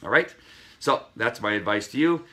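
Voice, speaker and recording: A man's voice: medium pitch, expressive, moderate pace, sharp tone. A man giving earnest, emphatic advice as a dog trainer, often repeating his key points. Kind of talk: casual advice talk.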